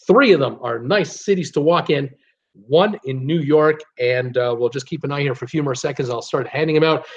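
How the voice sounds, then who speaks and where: A man's voice: on the high side, brisk. A man hosting a live trivia stream, upbeat as he reads out viewer names and their guesses. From United States. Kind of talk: live trivia chat reading viewer comments. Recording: dull lo-fi stream audio.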